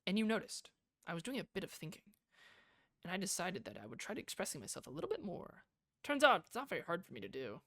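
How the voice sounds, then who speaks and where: A man voicing a shy, bookish teenage girl with a soft, hesitant manner, reading her lines from a game. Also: sits high, huge pitch swings, fast talker, no room sound, studio quality, exaggerated voice.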